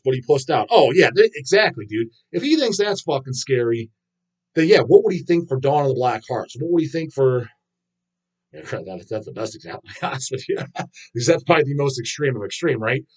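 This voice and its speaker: A man's voice: medium pitch, expressive, fast talker, slightly rough. A middle-aged man hosting a livestream, ranting in a swaggering, foul-mouthed, mocking way. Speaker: livestream host. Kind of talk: profane casual rant.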